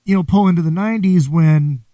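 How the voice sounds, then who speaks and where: A man's voice: on the high side, a little fast, dark tone, dry recording, recorded from a distance. A man from the American Midwest hosting a casual interview chat, eager and talkative, reading viewer comments aloud. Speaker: host.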